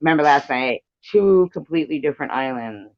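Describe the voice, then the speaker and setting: A man hosting a live stream in casual chat, talkative, joking and quick to laugh. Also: fairly high pitch, expressive, no echo. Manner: chatty, laughs often, jokey. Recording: dull, lo-fi sound.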